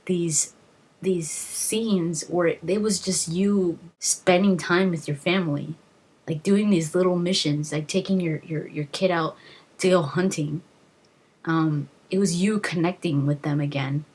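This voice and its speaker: A woman with a husky, breathy voice that sits fairly low for her sex. She tells a long story in a casual gaming vlog, emotional and rambling, with many fillers and restarts along the way. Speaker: gaming video host.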